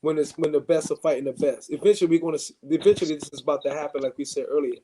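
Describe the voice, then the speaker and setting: A man's voice: fairly high pitch, steady tone, very fast, warm tone, slight background noise. A man hosting a live stream, chatting loosely about boxing, with many fillers and restarts.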